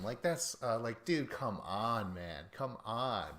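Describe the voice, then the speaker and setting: A man hosting a podcast, rambling casually about reality show contestants with lots of swearing and excitable asides. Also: mid-range voice, unhurried, few pauses. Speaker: podcast host.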